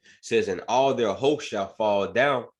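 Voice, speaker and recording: A man teaches scripture in a lively, emphatic preaching manner. His voice sits a bit low. He keeps checking in with his listeners as he speaks. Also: unhurried. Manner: animated, emphatic preaching with frequent "man" and "right?". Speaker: bible teacher. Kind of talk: scripture teaching with news commentary.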